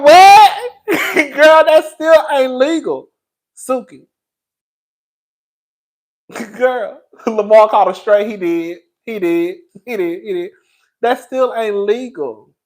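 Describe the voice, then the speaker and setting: A man's voice: sits high, rough recording. Giggly gossiping male livestream host. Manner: laughs often, drawn-out, gossipy. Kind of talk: gossip commentary.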